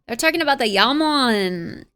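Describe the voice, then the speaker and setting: A woman's voice: on the high side, animated, moderate pace, fairly bright tone. A young American woman streamer chatting casually at home, reading viewers' messages aloud and musing on them with frequent laughs. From United States. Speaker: livestreamer.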